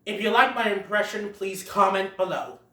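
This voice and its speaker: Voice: mid-range voice, moderate pace, fairly bright tone. A movie reviewer giving a casual, giggly play-by-play of a cartoon film, recorded in a roomy space away from the mic. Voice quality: chatty, giggly retelling with quoted lines. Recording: roomy echo, distant from mic.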